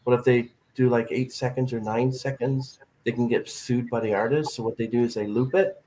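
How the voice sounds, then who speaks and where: An animated male podcast host chatting casually with a guest. His voice sits in a middle pitch, and he tells stories with plenty of energy, slipping into little acted-out quotes along the way. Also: moderate pace, low-quality recording. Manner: animated storyteller, acts out quotes. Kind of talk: casual chat.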